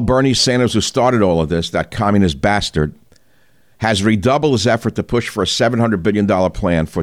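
A man's voice: low-pitched, a little mellow, no echo, studio quality. A man hosting a talk show, delivering combative, indignant news commentary and firing rhetorical questions at the listener. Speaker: talk radio host.

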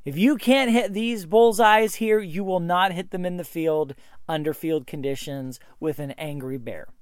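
A man's voice: high-pitched, a little slow, clean tone, dry recording, clean studio sound. A man telling a hunting story in a casual, matter-of-fact and emphatic way. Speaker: bowhunting advice speaker.

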